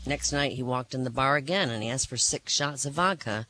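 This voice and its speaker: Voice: fairly quick, a little hiss or hum, low-quality recording. A comedian hosting a small cafe comedy night and telling jokes to a live crowd. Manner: animated, jumps into high voices for characters in jokes. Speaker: stand-up comedian and host. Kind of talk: stand-up joke telling.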